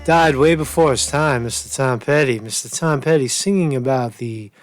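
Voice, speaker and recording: A man's voice: mid-range voice, moderate pace, soft background music. A man giving casual, rambling political commentary as a vlogger, crude and profane, repeatedly calling the listener "man", tired and sore from a long drive.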